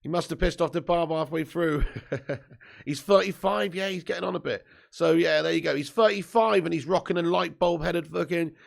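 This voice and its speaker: A man in his thirties with a heavily gravelly, rough-edged morning voice sits just out of bed and hosts a live football stream from home. His pitch sits a bit higher than most men's. He chats loosely, swears freely and jokes his way through viewer comments. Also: normal speed. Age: 30s. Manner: chatty and jokey, sweary, reads out viewer comments. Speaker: host of a live football watch-along stream. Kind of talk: casual live-stream chat and match commentary.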